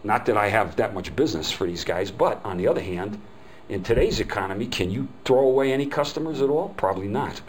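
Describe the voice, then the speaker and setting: A man's voice: lowish voice, lively intonation, quick pace, a little hiss or hum, rough recording. An older man giving a live customer service training talk, telling folksy stories and acting out the quoted dialogue. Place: hotel meeting room.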